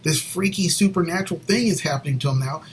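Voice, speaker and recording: A man co-hosting a Christian show, sharing a personal faith story in an earnest, rambling way and sometimes dropping to a soft near whisper. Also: on the high side, fast, a little hiss or hum, rough recording. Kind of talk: personal faith testimony, casual chat.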